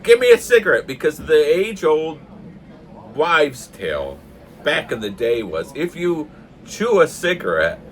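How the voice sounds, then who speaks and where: An older man telling a funny story in a casual way, laughing hard often and acting out the shouted lines himself. He talks in a pub. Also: mid-range voice, a little hiss or hum.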